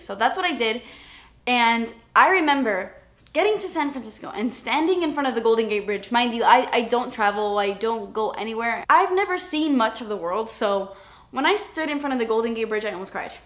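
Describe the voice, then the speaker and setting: A young woman with a slightly high voice talks straight to her viewers in a casual confessional way. She is open and emotional, close to tears at times. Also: fairly quick, fairly bright tone. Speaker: beauty vlogger.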